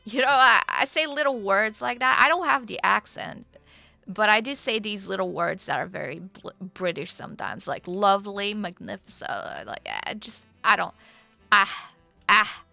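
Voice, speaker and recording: A woman's voice: mid-range voice, lively intonation, normal speed, vocal fry, bright, forceful tone, dry recording, soft background music. A woman from Eastern Europe, a streamer chatting casually and self-consciously with her viewers.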